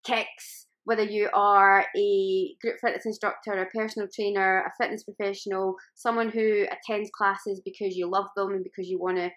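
A woman's voice: mid-range voice, little pitch movement, moderate pace, few pauses, fairly bright tone. Conversational woman on a podcast. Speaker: podcast co-presenter. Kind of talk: casual podcast chat.

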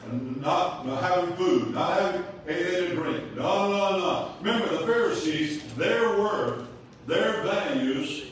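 Older South African man, pastor preaching, slightly high voice, echoey hall, heard from a distance. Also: expressive, unhurried, slight background noise. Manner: preaching with rhetorical questions and humorous asides. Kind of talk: sermon.

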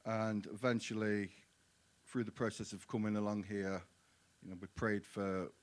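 A man giving his personal testimony in church, earnest and halting. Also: on the low side, flat delivery. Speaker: guest sharing his testimony. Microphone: handheld mic.

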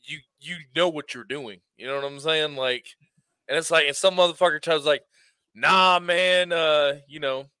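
Guy ranting about customers, swears a lot, punchy bright voice, pretty dry mic. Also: fairly high pitch, brisk, clean tone, no room sound. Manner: profane, animated storytelling. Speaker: podcast co-host. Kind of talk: casual chat.

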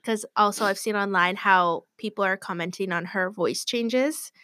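Bright-voiced giggly young woman. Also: medium pitch, normal speed, dry recording, clean studio sound. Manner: giggly, chatty, fills with "like". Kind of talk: casual chat.

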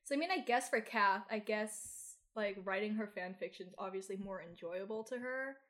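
A woman's voice: medium pitch, moderate pace, a bit bright. A young woman in casual chat about books, talking loosely with many fillers and frequent laughs. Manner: chatty, filler-heavy, laughs often. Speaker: book discussion participant.

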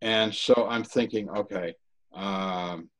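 A man with a fairly low voice recounts a painful story from his own past. He talks earnestly and haltingly, often breaking off and starting his sentences again. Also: fairly bright tone, low-quality recording. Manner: earnest, halting, many restarts. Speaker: interview guest. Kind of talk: personal testimony in conversation.

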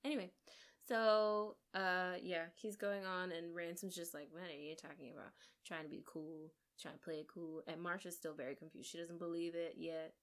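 A woman co-hosting a podcast, eagerly retelling a film plot in casual chat with quick asides. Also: lowish voice, steady tone. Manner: enthusiastic, gushing storyteller with quick asides. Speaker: podcast co-host. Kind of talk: casual movie recap.

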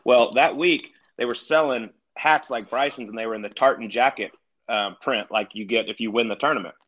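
Fast-talking laid-back man, muffled audio. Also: mid-range voice, a bit bright. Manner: laid-back, chatty, laughs through his stories. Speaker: retired golfer guest. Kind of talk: casual podcast storytelling.

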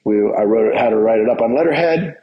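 A man's voice: on the low side, lively intonation, a little fast, dull audio. A middle-aged man, a dentist hosting his own show, casually telling a story from his workday and acting out the dialogue. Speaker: dentist and podcast host.

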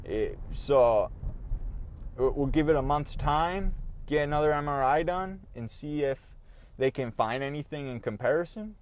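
A man's voice: fairly high pitch, expressive, unhurried. A young man hosting his own podcast, talking casually in a rambling, self-deprecating way with easy swearing. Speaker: podcast host. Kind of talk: casual solo podcast monologue.

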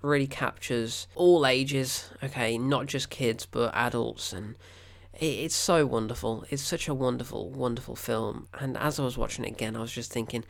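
Young man, film review vlog, gravelly voice, rambling, enthusiastic. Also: mid-range voice, fairly even intonation, moderate pace. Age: 20s.

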